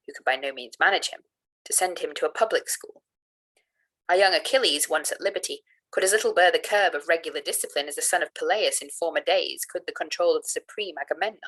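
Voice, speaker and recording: A woman reading an old gothic novel aloud, careful and steady, with small slips she corrects as she goes. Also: low-pitched. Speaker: reader of a novel.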